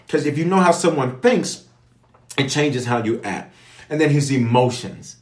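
A man's voice: medium pitch, expressive, moderate pace. A man preaching to an online audience, repeating key phrases and calling on viewers to respond. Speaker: pastor leading online prayer. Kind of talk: livestream sermon and prayer teaching. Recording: echoey room.

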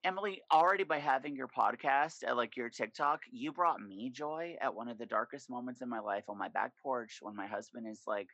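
A man chatting as a podcast guest, dramatic and full of swearing as he tells his stories. His voice is bright and forceful, with a dry, close sound and no room around it. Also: mid-range voice, brisk, few pauses, no echo, rough recording. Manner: animated, profane storyteller. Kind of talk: casual chat.

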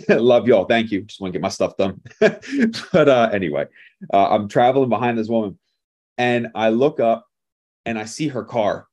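A male pastor preaching a sermon, telling a lively story and acting out the people in it with laughter. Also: medium pitch, moderate pace, long pauses.

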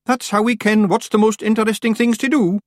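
Rob Anybody, a man doing a shrill wee blue pictsie with a Scottish brogue. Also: steady tone, a little fast, dry recording, clean studio sound, close to an everyday voice. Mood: cheeky. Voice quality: high, boisterous brogue. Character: small wild blue male pictsie, cheeky.

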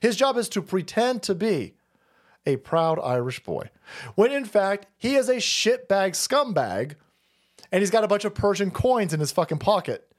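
A man's voice: high-pitched, very animated, normal speed. A man hosting a livestream, ranting and commenting profanely with frequent laughter. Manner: foul-mouthed, laughing, ranting. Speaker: streamer host.

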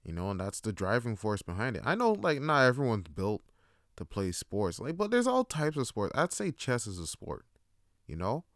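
A man's voice: mid-range voice, huge pitch swings, moderate pace, fairly bright tone, dry recording, studio quality. A young man hosting a solo talk show, rambling profanely and casually, often laughing and acting out little scenes. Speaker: podcast host.

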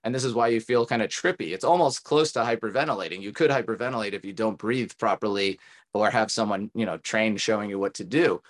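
A man's voice: fairly low pitch, fast talker. Earnest man talking about healing. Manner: earnest, encouraging, speaks in reflective run-on thoughts. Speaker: tantra coach and guest. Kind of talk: casual podcast conversation.

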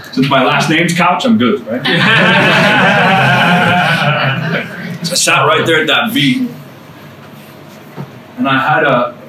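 With a medium-pitched voice that sounds pushed and bright, a man shares his testimony as a guest speaker before a small indoor group. His style is casual and earnest, full of "man" and "dude" and emphatic repetition. The recording picks him up from a distance in an echoey room with a faint hum.

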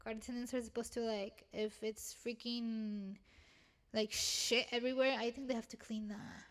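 A woman's voice: on the high side, flat delivery, moderate pace, a bit bright. Young woman with a thick Mexican accent. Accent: Mexican Spanish. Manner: rambling, swearing, self-deprecating. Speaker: retail worker. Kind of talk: casual chat.

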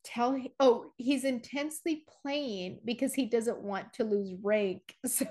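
Woman, 40s, podcast co-host; higher voice, casual chat, animated storyteller who laughs a lot. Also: unhurried. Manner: animated storyteller, laughs often, acts out scares.

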